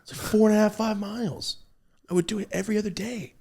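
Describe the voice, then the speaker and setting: A man's voice: high-pitched, fast talker, breathy edge. A man hosting a podcast, telling loose, profane stories in a casual chat and acting out what people said. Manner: loose, profane, animated storytelling with acted-out quotes. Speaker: podcast host.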